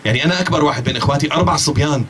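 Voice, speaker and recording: A man's voice: fairly high pitch, very fast, a bit bright, a little hiss or hum. A man doing self-mocking, chuckling stand-up. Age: 40s. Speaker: stand-up comedian. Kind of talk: stand-up monologue.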